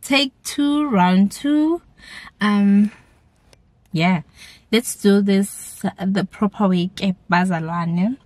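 A woman's voice: mid-range voice, slow, darkish tone, no room sound. A young South African woman with a South African accent, chatting to camera in a casual vlog and slipping between English and isiZulu words. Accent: South African, mixing in isiZulu words. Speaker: vlogger.

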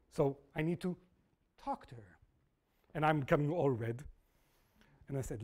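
A man's voice: on the high side, moderate pace, long pauses. A middle-aged man giving an open university lecture, telling stories with quoted voices and checking in with the audience. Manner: animated storytelling with quoted voices; asks audience "yes?" and "okay?". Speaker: guest lecturer.

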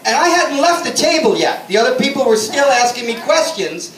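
A man's voice: very high-pitched, big pitch swings, fairly quick, hardly any pauses, fairly bright tone. Sarcastic man doing stand-up in a room. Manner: sarcastic storytelling, acts out customers. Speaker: stand-up comedian. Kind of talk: stand-up set. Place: comedy club stage. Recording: roomy, from a distance.

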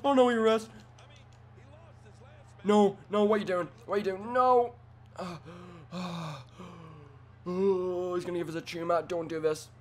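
A man giving excitable let's play commentary, trash-talking his opponent and swinging between quiet mutters and sudden yells. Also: high-pitched, a little slow, pauses often, a little hiss or hum. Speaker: gaming commentator.

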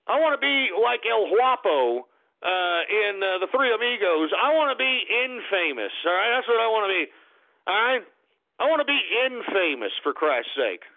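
Male radio host, high gravelly voice, exasperated profane rant on a tinny phone-like line. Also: big pitch swings, normal speed. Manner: exasperated, profane, stammering outbursts. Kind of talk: angry ranting monologue.

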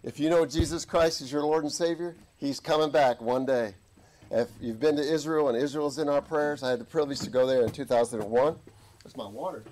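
A man's voice: brisk, a little hiss or hum. A middle-aged man preaching a sermon as an army chaplain, telling stories and acting out voices in the quotes. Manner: animated, acts out quotes with big pitch jumps. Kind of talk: sermon with storytelling. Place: church.

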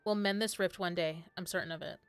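A woman reading aloud the lines of an earnest young noblewoman scholar from a game, halting and stumbling over words. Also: lowish voice, steady tone, smooth, dry recording, soft background music, natural voice.

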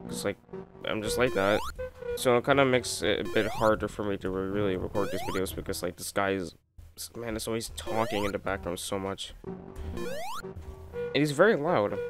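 A man's voice: lowish voice, big pitch swings, normal speed. A young man doing gameplay commentary from a room at home, rambling and jumpy with lots of exclamations. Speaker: gameplay video creator. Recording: game music playing under the voice. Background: game music.

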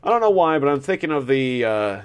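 A very animated man with a clear, resonant mid-range voice talks briskly through casual commentary as he plays a game on video. He rambles, pokes fun at himself, laughs at his own jokes, and keeps restarting his sentences.

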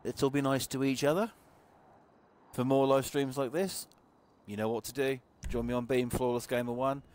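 A man streaming a racing game live, chatting loosely and excitably to viewers and swearing often as he plays. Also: medium pitch, moderate pace. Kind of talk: casual live-stream commentary while playing. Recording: racing game noise loud behind the voice. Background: game engine and car sounds.

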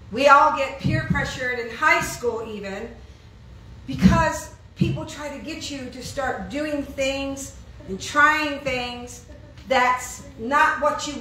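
A woman with a high, bright voice delivers an animated sermon, often turning to her listeners with questions. She is picked up from a distance in a big, echoey hall, with faint room ambience behind her. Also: slight background noise. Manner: animated, asks the audience questions, acts out voices of friends. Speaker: preacher. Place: church hall.

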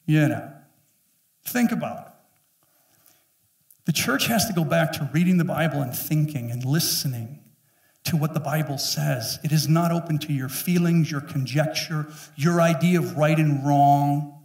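A man in his fifties preaching with force from the pulpit, his voice pitched a little high. He jokes and acts out quick voices between blunt points. He is heard from some distance in an echoey church room. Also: darkish tone. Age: 50s. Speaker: pastor. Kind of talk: sermon. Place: church sanctuary.

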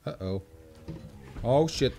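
A gameplay commentator who gets excitable, shrieks and laughs often, swears casually and talks to the game creature. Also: medium pitch, slow, faint music behind. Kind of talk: let's play commentary.

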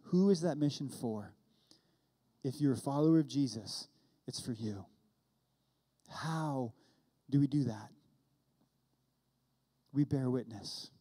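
A man's voice: on the high side, warm tone. A man in his thirties preaching a sermon as a pastor, telling a personal story and acting out the dialogue. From California. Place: church.

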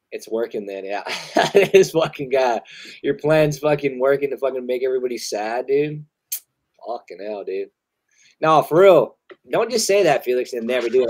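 A man hosting a live music review stream, talking loud and loose with heavy slang and swearing, laughing often. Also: medium pitch. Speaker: host reviewing submitted music. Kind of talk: casual live-stream chat.

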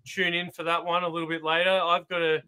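Smooth bright Australian man. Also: a little high, flat delivery. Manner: measured, many "um"s. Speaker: guest football analyst. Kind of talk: casual chat.

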